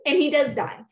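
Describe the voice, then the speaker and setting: A woman co-hosting a podcast, chatting casually and telling animated stories with lots of fillers. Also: reverberant. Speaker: podcast co-host. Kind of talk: casual chat.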